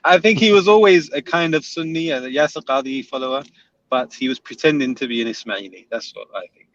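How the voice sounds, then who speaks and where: A man's voice: medium pitch, fairly quick, fairly bright tone, dry recording. A man hosting a casual online chat, teasing and laughing often. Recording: slightly dull sound with faint background hiss.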